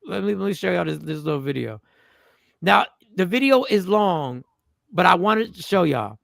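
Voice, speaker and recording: A man's voice: high voice, expressive, moderate pace, gravelly, a bit bright, dry recording, studio quality. A man hosting a casual chat, playful and joking with his co-host. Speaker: podcast host.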